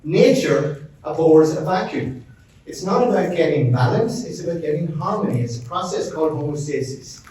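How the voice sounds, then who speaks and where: Presenting a session as a resilience consultant, a middle-aged Irishman keeps his live seminar upbeat, joking and addressing audience members by name. His voice is a little high, animated, and mellow at a normal pace, recorded from a distance in a large event room with a very roomy sound.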